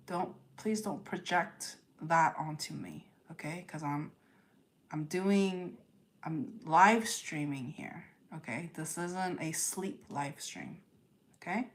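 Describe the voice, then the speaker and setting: A woman giving a live-streamed tarot reading, talking straight to her viewers, repeating phrases and checking in with "okay?". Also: lowish voice. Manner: addresses viewers directly, repeats phrases, ends points with "okay?". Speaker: tarot reader.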